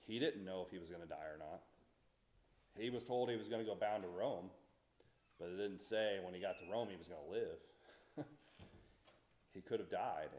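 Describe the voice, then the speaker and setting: A man's voice: low voice, a little mellow. A man teaching a Bible study in a church, talking conversationally and asking the class questions.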